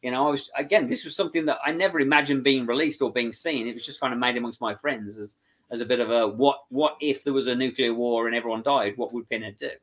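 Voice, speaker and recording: A man with an English accent, a guest telling stories in a casual, animated way and acting out what other people said. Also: mid-range voice, fast talker. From England. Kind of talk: casual anecdotal storytelling.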